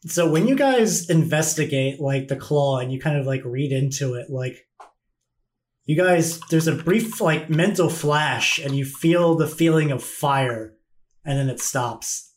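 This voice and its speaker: A man's voice: on the high side, animated, measured pace. A man running a tabletop game as game master, casual and rambling with many fillers.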